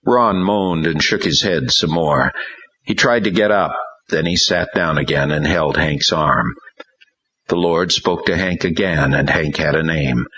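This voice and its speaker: Deep husky male narrator, slow dramatic audiobook read, dull lo-fi audio. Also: sharp tone. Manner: dramatic storytelling. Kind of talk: scripted narration. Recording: dull lo-fi recording.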